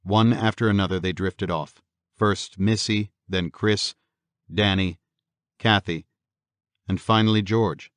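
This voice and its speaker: A man narrating a horror audiobook in a measured, steady storytelling manner. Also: fairly low pitch, dry recording.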